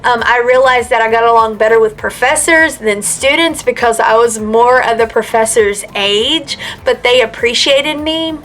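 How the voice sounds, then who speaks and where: A woman's voice: fairly high pitch, normal speed, hardly any pauses, fairly bright tone. A woman in her mid-thirties telling her own story in a chatty, earnest way, with many fillers and restarts. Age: 30s. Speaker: vlogger. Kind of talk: casual personal storytelling.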